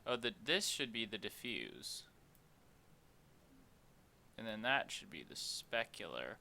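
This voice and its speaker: A man's voice: on the low side, very animated, slow pace, gravelly, bright, forceful tone, slight background noise. A young man hosting an unscripted game development tutorial, thinking aloud with many fillers as he works. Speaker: game dev tutorial host. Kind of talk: unscripted screen-recorded tutorial.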